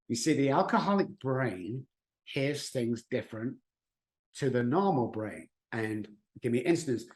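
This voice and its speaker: A middle-aged man, an addiction expert, speaking as a podcast guest in an emphatic, animated way, acting out quotes as he explains. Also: medium pitch. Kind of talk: conversational podcast interview.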